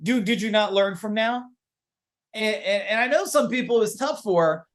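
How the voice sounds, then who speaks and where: A man speaking as a business coach and guest in a casual podcast interview, telling lively stories and acting out the dialogue in them. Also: high voice, moderate pace. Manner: animated storyteller who acts out quoted dialogue.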